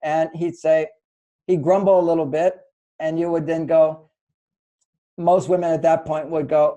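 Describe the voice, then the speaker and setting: An older man, a relationship author appearing as a guest, gives advice in an interview, explaining steps and voicing both partners in quoted dialogue. His voice is a little high and dark in tone, steady and moderately paced.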